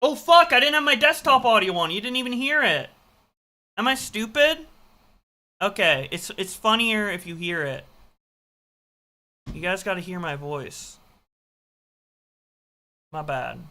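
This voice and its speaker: A streamer reacting to an old video of their own stream, excitable, swearing and self-mocking. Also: mid-range voice, unhurried, long pauses. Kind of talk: casual reaction commentary.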